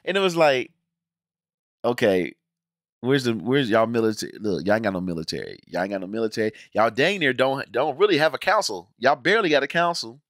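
Brief: male reaction host, mid-pitched voice, emphatic slangy rant, dry close sound. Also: a little fast, dry recording. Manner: animated, emphatic, slangy, frequent restarts. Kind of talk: casual ranting review.

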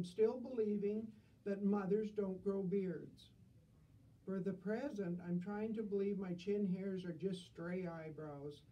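A woman's voice: medium pitch, warm tone, recorded from a distance, low-quality recording. An older woman reading humorous stories with dry, self-deprecating wit.

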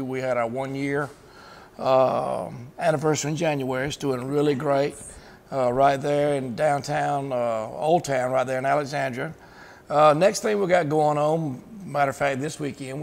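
A man's voice: mid-range voice, vocal fry. A man, a barbecue pitmaster guest talking in a plainspoken, easygoing way in a kitchen showroom. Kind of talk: casual chat.

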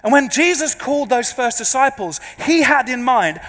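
A man, a pastor preaching to a congregation, an animated and self-deprecating storyteller. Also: very high voice, moderate pace. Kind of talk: sermon with humorous storytelling. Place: large church before a congregation. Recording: long reverb of a large church.

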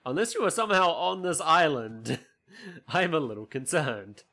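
A man with a bright, forceful voice chats with friends while he plays, laughing a lot between exasperated complaints about his connection. He swears lightly and keeps things casual. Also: a little high, animated, moderate pace. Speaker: gaming channel host. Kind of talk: casual gameplay chat.

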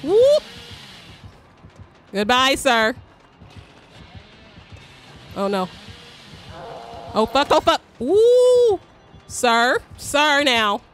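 A young woman giving excitable live commentary while playing a game, swearing, cheering on teammates and shrieking when chased. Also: high-pitched, extremely slow, pauses often, faint music behind. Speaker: streamer.

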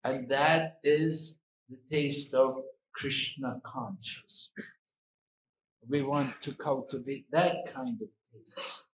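Man giving a slow sermon, keeps repeating himself, echoey room, faint background hum. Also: mid-range voice, fairly even intonation. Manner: slow, deliberate, with repetitions and asides. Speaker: swami giving a talk. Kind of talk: evening sermon. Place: hall at an evening gathering. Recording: echoey hall.

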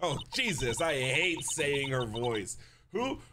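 A man's voice: medium pitch, very animated, takes it slowly, background noise. A young man doing casual let's play commentary, loose and slangy, laughing often. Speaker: streamer. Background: faint game music.

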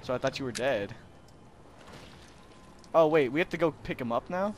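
A man's voice: medium pitch, expressive, moderate pace, a little hiss or hum. Giggly young gamer guy. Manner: giggly, easily surprised. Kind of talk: casual gaming chat with friends.

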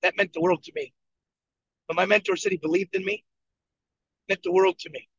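A man's voice: sits high, steady tone, moderate pace, a bit bright, slightly rough, dry recording. A man from Buffalo, New York, leading a motivational coaching session and telling his story with emphatic repetition over a video call from a moving vehicle. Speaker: team leader and coach. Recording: dull lo-fi video call audio.

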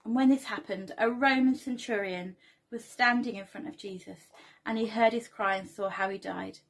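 A young woman presents a storytelling lesson for children in a church setting. Her voice sits slightly high, and her manner is gentle as she asks the children questions and invites them to take part. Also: steady tone, normal speed.

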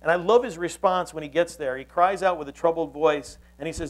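Man preaching in a higher voice. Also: a little fast, few pauses, rough recording. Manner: earnest storytelling with frequent restarts. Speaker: pastor. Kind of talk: sermon.

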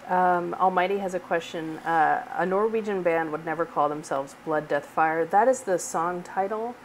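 A woman's voice: fairly low pitch, moderate pace, a little hiss or hum. A woman hosting a script read stream in casual chat. She is chatty, laughs often and drifts into rambling asides.

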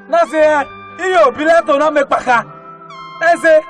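A man with a Nigerian accent, a comedian telling a funny story in pidgin, animated and sing-song. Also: extremely high pitch, normal speed, faint music behind. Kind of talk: comic storytelling.

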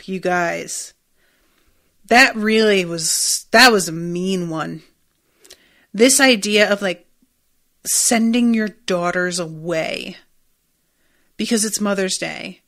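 A woman's voice: medium pitch, extremely slow, pauses often, pushed and bright. A woman hosting a podcast, recapping a TV episode in a rambling, chatty way and swearing freely. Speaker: podcast host.

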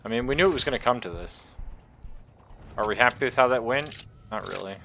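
South African man with a bright tone. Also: mid-range voice, brisk, a little hiss or hum. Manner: laid-back, joking, calling out moves to teammates. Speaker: gamer. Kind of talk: casual chat while playing a co-op game.

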